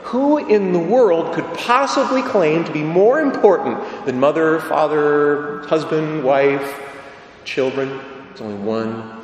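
A man's voice: a little high, animated, takes it slowly, dull audio, slight background noise. Man preaching in an echoing church. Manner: emphatic, rhetorical questions, repeating key phrases. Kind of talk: sermon. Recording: echoey church from a distance.

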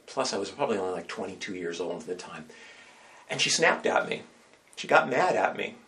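A man, a priest, preaching a conversational sermon full of rhetorical questions, swinging between loud and soft. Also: low voice, big pitch swings, a little fast.

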